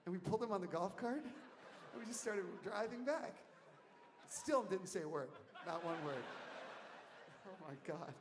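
A man telling a rambling story from the stage of a concert hall, animated and laughing, shouting out the lines he quotes. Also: sits high, measured pace, long pauses. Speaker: musician telling stories on stage. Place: concert hall, live audience. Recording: audience tape in a reverberant hall, faint noise.

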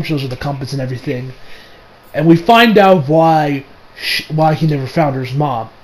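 A young man with a notably high voice talks through a movie review in a loose, rambling way. He gets excitable, swears freely, and jumps into squeaky mock voices when he quotes people. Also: moderate pace. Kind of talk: casual spoken movie review.

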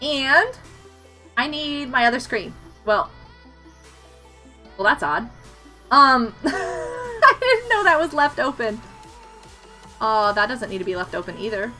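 A woman live streaming a game, excitable and chatty, laughing and yelling at what happens on screen. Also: high-pitched, slow, pauses often, faint music behind.

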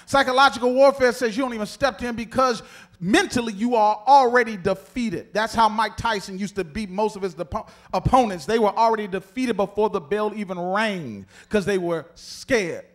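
A man preaching an animated sermon and calling on the congregation to read along. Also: high-pitched, normal speed. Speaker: pastor.

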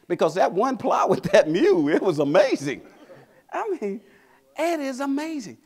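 A middle-aged man gives a motivational keynote to a convention crowd. He tells stories and acts out the quotes in them. His voice sits high and swings wildly up and down as he builds toward each punchline. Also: a little slow, long pauses. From Mississippi, USA. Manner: animated storytelling, acting out quotes, rallying the crowd. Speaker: motivational speaker. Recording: convention hall.

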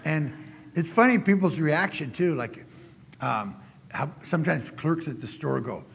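Middle-aged male guest preacher, folksy storyteller, gravelly husky voice, long church reverb. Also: fairly high pitch, a little slow. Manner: folksy storytelling, animated when quoting. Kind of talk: sermon. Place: church sanctuary.

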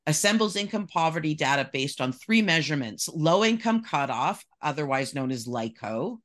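A woman's voice: sits low, animated, normal speed. A woman from Canada, a podcast guest, talking in casual chat with many restarts and reading excerpts aloud.

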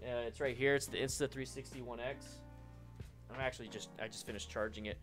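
A man's voice: medium pitch, fairly even intonation, a little fast, a bit bright, faint music behind. A man in his thirties chatting casually from home as a livestream host, reading viewer comments, restarting and repeating himself.

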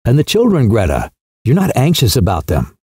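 A man voicing a brisk, fussy elderly aunt in an audiobook reading. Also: medium pitch, wildly swooping pitch, dark tone, slightly rough, dry recording, clean studio sound.

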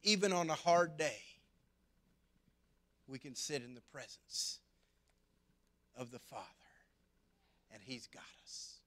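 A male pastor delivers a sermon in an earnest, personal way. His fairly high voice rises to loud emphasis, then drops to hushed, soft endings. He keeps a steady, caring tone throughout. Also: takes it slowly, pauses often.

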